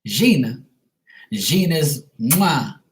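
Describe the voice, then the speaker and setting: A man's voice: medium pitch, big pitch swings, slow pace. A man voicing a boastful Italian pizza cook in jokey broken English with a put-on Italian accent.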